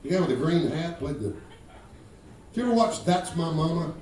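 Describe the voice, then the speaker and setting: A man's voice: on the high side, big pitch swings, fairly quick, a little mellow. A man doing profane stand-up, teasing the crowd and telling drawling stories on a comedy club stage. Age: 50s. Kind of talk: stand-up routine with crowd work. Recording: roomy club sound from a distance. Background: guitar and audience laughter.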